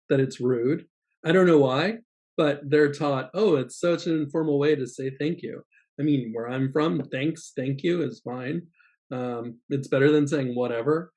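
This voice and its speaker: A man's voice: medium pitch, mellow. A man giving a casual teaching vlog, rambling and hesitant, with many fillers and light laughs. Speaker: assistant language teacher trainer. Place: Japan.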